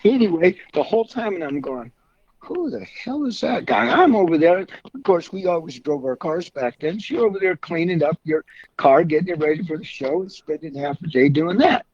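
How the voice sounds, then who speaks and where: A man's voice: fairly high pitch, animated, brisk, a little mellow, no room sound. A man in his sixties, a car club member, telling long rambling anecdotes in a folksy, casual way with mild swearing. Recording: dull lo-fi recording.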